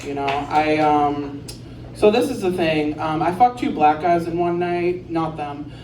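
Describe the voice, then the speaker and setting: A woman's voice: deep voice, a little slow, heavy background noise. A woman doing a stand-up set in a bar, rambling and crude, mocking herself on a handheld mic. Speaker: stand-up comedian. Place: bar with a live audience. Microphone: handheld stage mic. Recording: roomy bar, distant mic, crowd laughter.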